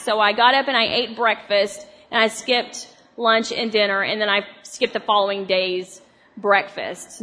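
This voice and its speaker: A woman preaching a sermon in a chatty, animated way, asking her congregation questions. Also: on the high side. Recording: long hall reverb.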